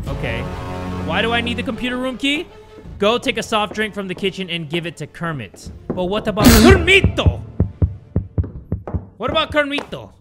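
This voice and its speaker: A man hosting horror game commentary, excitable and swearing, jumping between mutters and sudden yelps. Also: high-pitched. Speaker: gaming video host.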